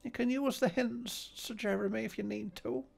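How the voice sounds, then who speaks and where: A man voicing a fussy, bossy sidekick with a high, prim voice. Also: fairly even intonation, moderate pace, vocal fry, darkish tone, soft background music, full character voice. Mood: prim fussing. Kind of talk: comedic let's-play banter.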